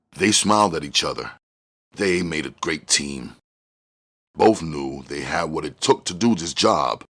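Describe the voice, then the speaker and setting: A man with a very deep voice reads a novel aloud. His narration is steady and measured, laying out the scenes in an even storybook manner. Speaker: audiobook reader. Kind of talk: storybook reading.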